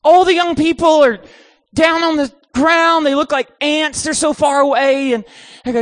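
A middle-aged man preaching a sermon, telling a comic story with animated delivery. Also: very high voice, moderate pace, dry recording.

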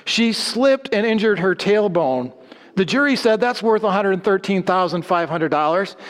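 A man with a notably high voice preaches a sermon, moving from brisk storytelling to slow, low readings of scripture. He repeats words for emphasis. His voice carries a long reverb, as if in a large hall. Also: lively intonation. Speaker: pastor.

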